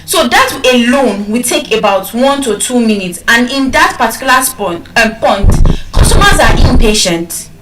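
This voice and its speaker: A woman with a Nigerian accent giving an animated speech to an audience, acting out customer calls as she tells stories. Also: on the high side, moderate pace, background noise. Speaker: public speaker. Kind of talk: motivational speech. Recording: echoey hall from far off.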